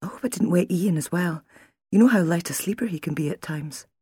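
A woman reading an audiobook, voicing a frightened young wife with a hoarse, shaky, breathless voice, raised in pitch and sometimes whispered. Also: brisk, warm tone, dry recording, clean studio sound. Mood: calmer. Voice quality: hoarse, strained. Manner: shaky, breathless, near tears.

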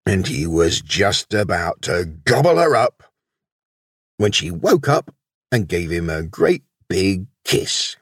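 A man reading his own children's story aloud, expressive and gentle. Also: low voice, slow, breathy edge, dry recording, clean studio sound.

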